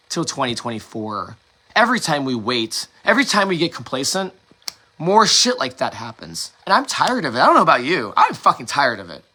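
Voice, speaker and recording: Angry, bright-voiced man ranting. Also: mid-range voice. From United States. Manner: angry, profane ranting with restarts. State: emotional, sighing. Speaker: host. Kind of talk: emotional monologue.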